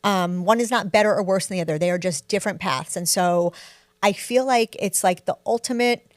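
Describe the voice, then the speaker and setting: A woman in her forties, a guest author chatting in an interview, candid and self-deprecating, telling stories with lively energy. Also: medium pitch, a little fast, dry recording, clean studio sound. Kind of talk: casual interview chat.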